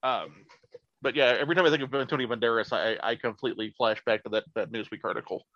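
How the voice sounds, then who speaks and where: A man chatting on a podcast with a middle-pitched voice. He talks with enthusiasm and swears freely, often stumbling over fillers and restarts. The sound is dry and a little dull. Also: fairly bright tone, no room sound. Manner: enthusiastic, profane, halting with fillers. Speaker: podcast co-host. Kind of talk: casual chat.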